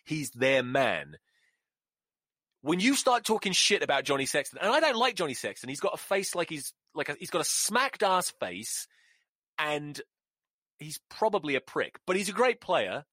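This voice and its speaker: A man's voice: on the high side, big pitch swings, moderate pace, bright, forceful tone, no room sound, clean studio sound. A man, hosting a solo podcast and ranting with profanity and sarcasm. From England. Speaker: podcast host. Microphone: close mic.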